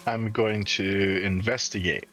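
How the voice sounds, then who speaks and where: A man playing a tabletop game, hesitant and halting, clearing his throat. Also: fairly low pitch, a bit bright, rough recording. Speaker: player.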